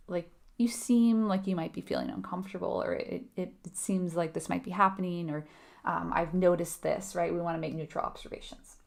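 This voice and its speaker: Leading a live nursing exam review lesson, a woman with a lowish, creaky voice chats conversationally, puts questions to her audience, and frequently adds "right?"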